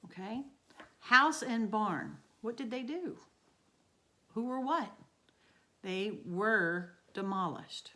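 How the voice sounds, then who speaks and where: A woman's voice: medium pitch, lively intonation, slow pace, pauses often, pushed and bright. A woman teacher, walking students through a grammar lesson by asking and answering her own questions. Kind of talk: recorded remote grammar lesson.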